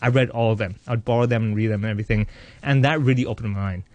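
A man in his thirties, an interviewee, telling his own life story in a candid, animated way with a joking streak. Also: lowish voice, racing, no room sound, muffled recording. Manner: animated, joking, acts out voices in quotes.

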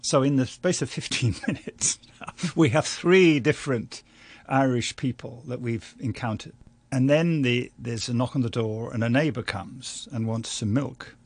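Older man, gravelly and husky. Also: mid-range voice, no echo. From London, England. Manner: measured, anecdotal, with small restarts and light laughs. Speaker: interview guest, journalist and writer. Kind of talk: reflective interview storytelling.

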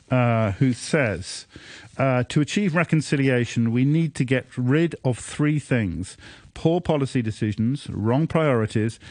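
Halting male radio host, dry studio sound. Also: medium pitch, a little mellow, dry recording. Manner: halting, with many "uh" fillers between phrases. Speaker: radio phone-in host reading listener messages. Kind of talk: radio talk show. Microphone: studio microphone.

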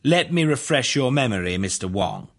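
A man voicing a forceful male prosecutor who questions a witness in pointed, pressing turns, read as a storybook. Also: mid-range voice, sing-song, moderate pace, pitched above the performer's own voice.

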